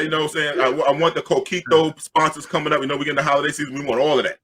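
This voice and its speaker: A middle-aged man from Queens, telling an animated, jokey story and loudly acting out the crowd. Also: fairly high pitch, rapid-fire. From Queens, New York.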